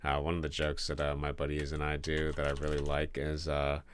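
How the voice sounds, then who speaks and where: A man's voice: extremely low pitch, monotone, brisk, smooth. A man streaming as he codes a game, thinking aloud in a casual, rambling way and joking with his viewers. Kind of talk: casual live-stream talk while coding.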